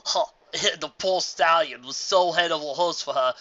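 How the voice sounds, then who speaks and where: A woman voicing a grown mare coworker from a storybook, talking in an amused, gently chiding way. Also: sits low, unhurried, voice pushed up. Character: adult mare, a gossiping coworker, warm and amused. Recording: dull lo-fi home recording.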